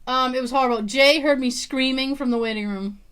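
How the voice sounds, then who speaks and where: A woman co-hosts a podcast, telling stories in casual conversation, laughing often and swearing freely as an animated storyteller. Her high-pitched voice is brisk, clear, and resonant.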